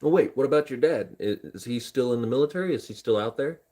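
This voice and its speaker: A man's voice: medium pitch, animated, fast, mellow. A young man from Indiana chatting casually on a live stream, rambling and joking at himself while talking to chat and his dog. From Indiana, USA. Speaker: livestreamer.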